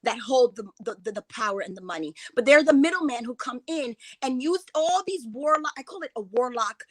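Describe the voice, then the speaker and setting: A woman's voice: high-pitched, animated, a little fast, dry recording. A woman giving an impassioned, emotional talk as a guest speaker, rambling and restarting her sentences as she goes.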